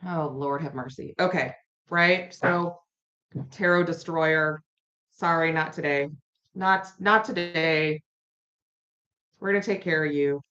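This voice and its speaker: She has a low, bright voice with a forceful edge, speaking slowly and pausing a lot. The setting is her home, where she hosts a casual tarot live stream, rambling, repeating points, and chatting with viewers. The recording is muffled and lo-fi.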